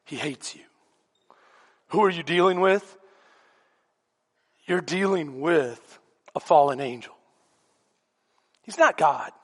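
A man with a Texan accent preaching a sermon, telling a story with emphatic storytelling and questions to the congregation, swinging from shouts to hushed lines. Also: a little high, lively intonation, slow pace, pauses often. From Texas. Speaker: pastor. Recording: long church reverb.

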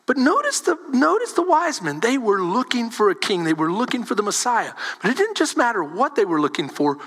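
A man preaching a sermon as a pastor, animated and calling on the congregation for responses. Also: very high voice, normal speed, big-room sound.

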